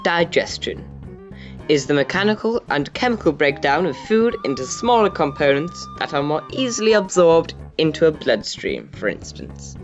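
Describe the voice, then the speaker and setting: A man voicing a gruff, rude male teacher who lectures curtly and hurls insults. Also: big pitch swings, moderate pace. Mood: lecturing. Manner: deep, curt, insulting, lecturing. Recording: dull lo-fi audio with faint music.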